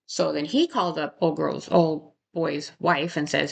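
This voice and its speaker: Low gravelly woman telling a true crime case. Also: measured pace, hardly any pauses. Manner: conversational, frequent "right?" tags, indignant asides. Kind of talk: casual true crime narration.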